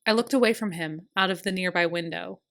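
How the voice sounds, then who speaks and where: Low-voiced woman reading a romance novel. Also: brisk, vocal fry, a bit bright. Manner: earnest, emotional storytelling. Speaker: audiobook narrator. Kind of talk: first-person novel narration.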